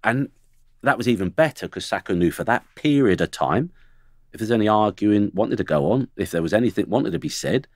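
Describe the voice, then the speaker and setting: Deep-voiced man telling football stories. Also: lively intonation, brisk, no echo, clean studio sound. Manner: blunt, anecdotal, mimics teammates. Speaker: former footballer guest. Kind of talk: podcast storytelling. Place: podcast studio.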